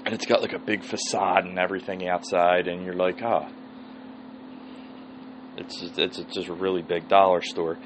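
A man rambles through a profane podcast story in a very low voice. A faint hum of background noise sits under his talk. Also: flat delivery, moderate pace, pauses often, low-quality recording. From Philadelphia area. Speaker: podcast host. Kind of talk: solo podcast monologue.

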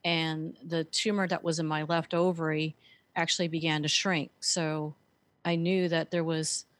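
A woman's voice: low voice, level tone, a little slow. A woman telling her story earnestly as a guest, with frequent fillers. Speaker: guest, author and speaker. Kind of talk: conversational interview.

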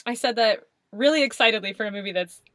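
A woman's voice: a little high, fast talker, fairly bright tone, no echo, studio quality. A young adult woman co-hosting a podcast in casual chat, rambling, swearing and laughing often. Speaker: podcast co-host.

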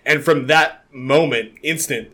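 A man's voice: mid-range voice, unhurried. Laughing man in casual chat. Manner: animated, laughs often, acts out scenes. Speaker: podcast co-host. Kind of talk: casual chat about a TV show.

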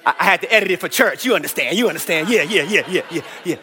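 A man's voice: sits high, rapid-fire, sharp tone. A man preaching a Bible lesson in a church, eagerly coaxing the congregation to call out answers. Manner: enthusiastic, coaxing the room to answer aloud. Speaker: preacher teaching a Bible class. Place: church hall. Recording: echoey church hall.

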